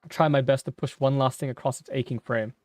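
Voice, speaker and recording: Male streamer, reading a story game aloud, somber and measured, mid-range voice, dry sound. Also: mid-range voice, fairly even intonation, dry recording.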